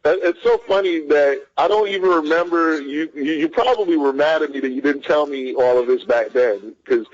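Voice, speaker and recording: Relaxed man talking as an interview guest. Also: a little high, dull audio. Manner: relaxed, measured, many fillers. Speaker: guest, entertainment manager. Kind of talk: casual interview chat.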